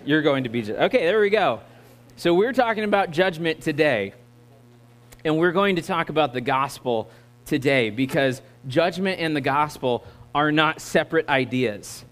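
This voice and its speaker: American man preaching in a slightly high voice. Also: animated, normal speed, fairly bright tone. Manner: conversational, joking, audience-engaging. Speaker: guest preacher. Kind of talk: sermon with opening prayer.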